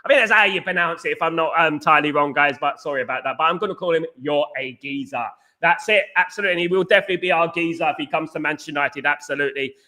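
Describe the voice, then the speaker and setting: A man's voice: fairly high pitch, racing, few pauses, pushed and bright. A man hosting a casual football opinion show, talking animatedly and repeating himself, often calling his viewers "guys". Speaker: podcast host.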